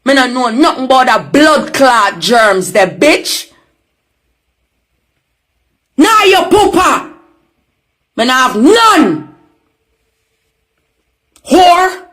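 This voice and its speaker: A woman with a Jamaican accent in an angry social media rant, cursing and shouting insults. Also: sits high, very animated, slow pace, pauses often. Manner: furious, profane, shouting insults.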